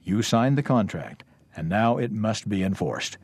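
A man reading a parable aloud for a lesson in a measured, even way. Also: lowish voice, slightly rough, no room sound. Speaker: reader of a lesson text.

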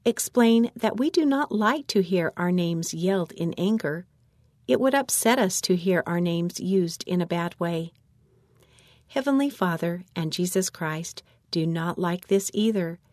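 A woman reading a children's church lesson manual aloud in a measured, instructional way. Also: lowish voice, darkish tone, dry recording, studio quality.

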